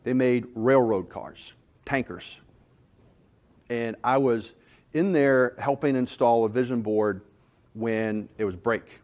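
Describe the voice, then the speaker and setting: A North Carolina sales trainer gives a conference presentation to a sales audience, weaving anecdotes into his points in a folksy storytelling style. His ordinary middle-pitched voice is a little mellow, and he talks slowly with long pauses.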